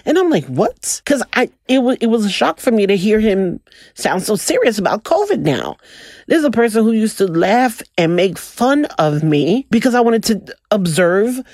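A young woman, telling a profane, animated story in a casual monologue. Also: medium pitch, dry recording, clean studio sound. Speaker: commentator.

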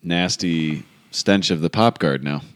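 A man, a Catholic priest, co-hosting a podcast in relaxed, joking banter, speaking into a studio microphone with a pop guard. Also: sits low, measured pace, no room sound.

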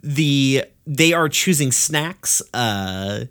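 A man with a mid-range, slightly bright voice and lively intonation co-hosts a podcast. Rambling casually through a cartoon episode recap, he curses freely, laughs often, and briefly impersonates characters.

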